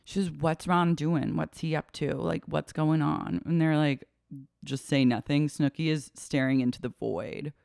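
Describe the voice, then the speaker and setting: A man's voice: fairly high pitch, steady tone, unhurried, creaky, darkish tone, smooth, no echo, studio quality. A man co-hosting a podcast, chatting casually and acting out scenes he recaps with quoted voices. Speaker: podcast co-host. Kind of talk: casual chat recapping a reality show.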